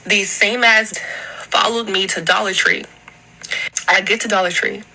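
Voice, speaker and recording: A young woman with a strikingly bright, sharp-edged voice tells her story straight to camera. She sounds upset and heated, blunt and free with her swearing. Her pitch sits in an ordinary middle range. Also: fairly even intonation, a little slow, low-quality recording. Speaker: vlogger recounting an incident.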